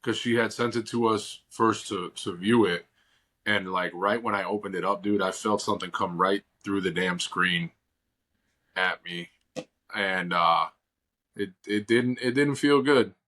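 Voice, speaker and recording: A man's voice: on the low side, measured pace, pushed and bright. A man co-hosting a paranormal podcast, talking in a laid-back, casual way full of fillers. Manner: laid-back, uses filler like "dude" and "you know". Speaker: podcast co-host. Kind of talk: casual chat.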